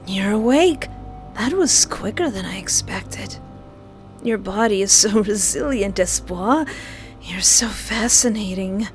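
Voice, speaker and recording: A woman voicing a soft-spoken, creepy young man who holds someone captive, talking slowly and coaxingly in a visual novel. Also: mid-range voice, animated, soft background music. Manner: soothing, slow and coaxing.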